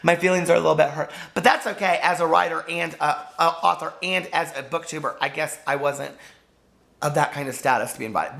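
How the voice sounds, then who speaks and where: A man chatting to camera as a book vlogger, gushing and full of fillers, hoarse from losing his voice. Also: a little high, bright, forceful tone. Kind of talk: casual chat to camera.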